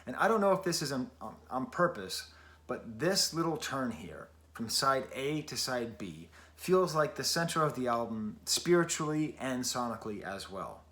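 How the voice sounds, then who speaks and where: A man's voice: medium pitch, very animated, moderate pace, fairly bright tone. A man giving a casual spoken album review in a loose, chatty way, full of "like" and "sort of" fillers.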